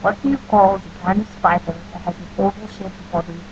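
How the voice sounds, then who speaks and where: Woman, webcam vlogger, deadpan jokes in a put-on mock Russian accent, dull lo-fi audio with faint hum. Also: mid-range voice, fast talker. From New Jersey. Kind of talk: comic accent-challenge vlog.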